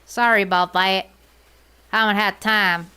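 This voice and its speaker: A woman's voice: mid-range voice, fairly even intonation, unhurried, pushed and bright, smooth. A woman streaming a game in casual chat, rambling and thinking aloud with many fillers and repeats, giggly and self-mocking. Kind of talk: casual gaming livestream chat.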